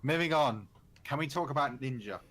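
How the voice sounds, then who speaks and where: A man's voice: mid-range voice, animated, normal speed, a bit bright, breathy edge. A man hosting a casual chat podcast, joking and blunt, swearing freely. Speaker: podcast host.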